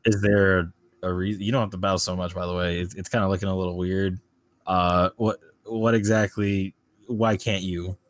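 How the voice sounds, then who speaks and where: Low-voiced hesitant male player. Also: flat delivery, normal speed, no echo. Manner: hesitant, restarts phrases, casual. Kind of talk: in-character tabletop roleplay.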